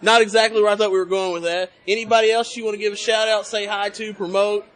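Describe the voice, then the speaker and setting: A man's voice: sits high, flat delivery, fast talker, a bit bright. A man hosting a casual podcast interview at a convention, who hypes up his guest and plugs his show. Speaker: podcast host. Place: busy convention hall.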